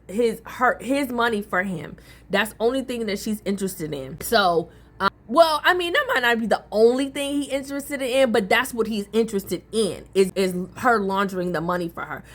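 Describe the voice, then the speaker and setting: A woman hosting a casual soap opera recap, talking in an animated, colloquial way with gossipy asides. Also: mid-range voice.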